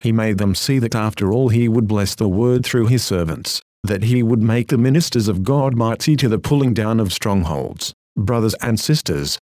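A man's voice: lowish voice, a little mellow, dry recording, studio quality. A man reading an old sermon aloud as a preacher, earnest and exhorting.

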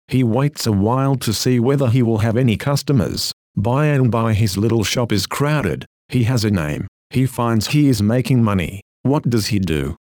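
A man reads an old sermon with earnest, exhorting force. His voice sits at an ordinary middle pitch. The recording is close and dry, with no room sound. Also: darkish tone, no echo. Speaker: preacher. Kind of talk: reading a historical sermon.

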